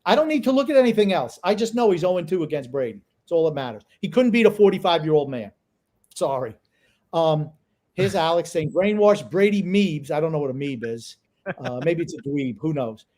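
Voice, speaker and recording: A man's voice: on the high side, animated, brisk, a little mellow. A man co-hosting a casual sports podcast, blunt and opinionated, swearing freely as he argues. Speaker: podcast co-host.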